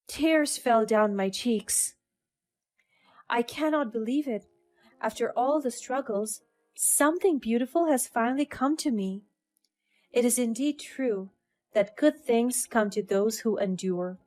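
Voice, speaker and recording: A woman narrating a first-person story in an even, earnest scripted tone. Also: a little high, measured pace, faint music behind.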